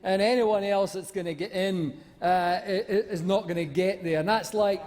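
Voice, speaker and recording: A man's voice: sits high, fairly even intonation, normal speed, darkish tone. A man speaking as a senator in a parliamentary debate, rambling and mocking, with lots of fillers and restarts. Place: large debating chamber. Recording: echoey chamber reverb.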